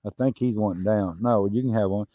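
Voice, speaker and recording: A man's voice: on the low side, steady tone, brisk, warm tone. A man in his fifties from Arkansas with a Southern accent, co-hosting a casual outdoor livestream chat by a fire in a folksy, easygoing way. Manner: folksy, easygoing, laughs easily. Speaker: co-host of a homesteading livestream.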